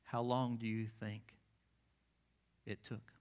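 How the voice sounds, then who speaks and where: Dramatic male preacher with hushed and loud swings. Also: fairly low pitch, level tone, takes it slowly, smooth. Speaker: pastor. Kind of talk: sermon.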